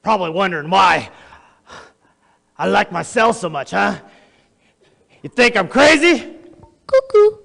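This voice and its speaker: A man's voice: high voice, big pitch swings, a little slow, gravelly, long pauses, fairly bright tone, full character voice. A man acting a notorious, boastful male criminal in a theatrical monologue, addressing the audience directly. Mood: boastful, manic. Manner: boastful, erratic, talks straight to the audience. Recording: long echoey hall reverb.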